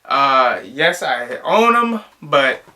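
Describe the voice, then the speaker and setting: Bright-voiced young man rambling a review. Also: mid-range voice, sing-song, drawn-out words, slight background noise. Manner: rambling, exasperated, lots of "like". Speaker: movie reviewer. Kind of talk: casual vlog review.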